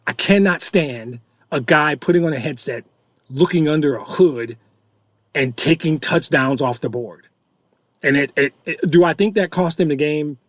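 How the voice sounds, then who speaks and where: A man's voice: on the high side, moderate pace, dry recording. A middle-aged man hosting a fan-reaction podcast, ranting in an exasperated, repetitive way and hammering the same points over and over. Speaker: podcast host.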